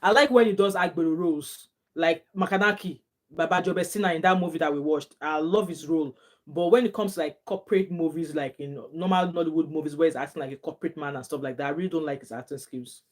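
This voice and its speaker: A woman's voice: low-pitched, fast talker. A middle-aged woman with a Nigerian accent, chatting casually as a vlogger, reading out viewer comments and reacting with frequent laughter and bits of Pidgin. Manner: chatty and animated, laughs often, drops into Nigerian Pidgin phrases. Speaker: gossip vlogger.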